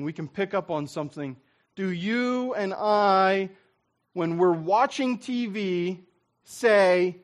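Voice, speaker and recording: A pastor with a high-pitched voice preaches a sermon. He keeps it lively and conversational, acting out the things people say.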